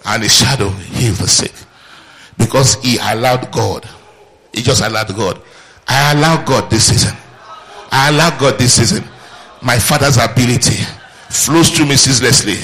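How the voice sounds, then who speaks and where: Fervent shouting preacher man, echoey church. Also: mid-range voice, normal speed, long pauses. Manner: fervent, repetitive declarations, bursts of shouting. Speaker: pastor. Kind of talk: sermon with declarations. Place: church service.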